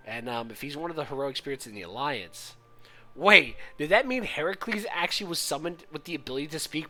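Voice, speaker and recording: A man streaming a story game live, reacting loudly and incredulously, swearing and laughing between lines. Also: fairly high pitch, lively intonation, fairly quick, soft background music.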